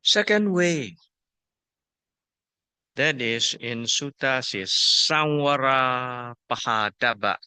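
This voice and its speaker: A man from Myanmar, a monk and meditation teacher, giving a dharma talk at a retreat in simple, halting English, repeating words and using Pali terms. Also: medium pitch, animated, pushed and bright, smooth, dry recording.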